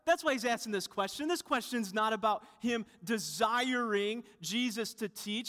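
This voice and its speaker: A man's voice: extremely high pitch, normal speed, few pauses, fairly bright tone. A young man giving a sermon as pastor, conversational with rhetorical asides. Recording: reverberant hall.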